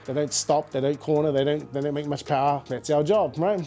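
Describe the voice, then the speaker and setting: A man's voice: on the high side, steady tone, brisk, dark tone. A middle-aged man with a New Zealand accent, a business founder telling stories in a casual, slangy interview, repeating words as he goes.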